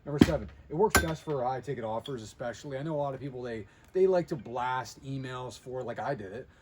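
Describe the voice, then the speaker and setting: A man giving a casual, energetic talk to camera on sales methods, blunt and quick to interrupt himself. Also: medium pitch, husky. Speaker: sales trainer.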